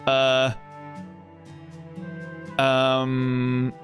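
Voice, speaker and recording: A man's voice: mid-range voice, monotone, very slow, fairly bright tone, soft background music. A man streaming a game, breaking off into rambling, self-mocking asides between reading lines. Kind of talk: casual game-stream commentary.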